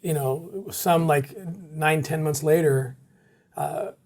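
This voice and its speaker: A man who leads an anti-trafficking group, telling a story in an interview in an animated way with many quick restarts. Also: fairly high pitch. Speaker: anti-trafficking organization leader.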